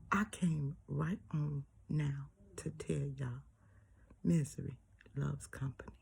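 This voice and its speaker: Husky older woman half-whispering. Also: low-pitched, warm tone. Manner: often drops to a breathy near-whisper; preachy, repeats phrases for emphasis. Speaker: vlogger. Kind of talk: casual personal monologue.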